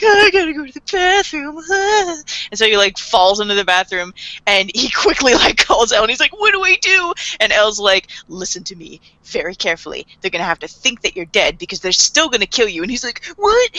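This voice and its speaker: A woman's voice: medium pitch, no room sound. A woman casually recapping an anime episode, laughing often and acting out characters' lines. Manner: animated retelling with laughs and voiced quotes. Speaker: podcast co-host.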